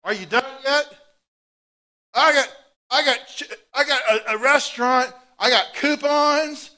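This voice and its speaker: A pastor voicing an impatient male Roman soldier who is pushy, loud and eager to go home. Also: very high-pitched, unhurried, pitched above the performer's own voice, exaggerated voice.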